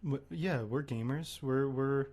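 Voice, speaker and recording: A man's voice: mid-range voice, measured pace, a little mellow. A man hosting his livestream, chatting casually in a rambling, stammering, self-mocking way. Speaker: streamer host.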